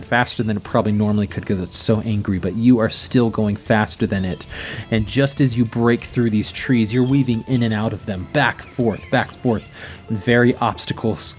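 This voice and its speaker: A man narrating as game master of a tabletop game, playful and vivid. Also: on the low side.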